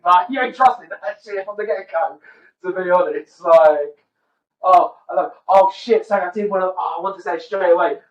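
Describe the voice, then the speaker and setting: A man's voice: sits high, normal speed. A man hosting a podcast, chatting casually and telling swear-laden stories about gigs. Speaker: podcast host. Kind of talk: casual chat. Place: comedy venue. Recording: echoey room, far mic, dull sound.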